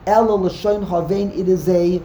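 A man's voice: high voice, steady tone, unhurried, warm tone, roomy sound, slight background noise. A man teaching a text-study class, explaining emphatically, often repeating words and restarting sentences. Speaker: Torah teacher.

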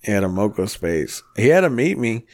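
A man's voice: on the low side, big pitch swings, a little fast, a little mellow. A man in his thirties hosting a casual podcast, telling long rambling stories full of swearing. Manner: profane, rambling storyteller. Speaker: podcast host.

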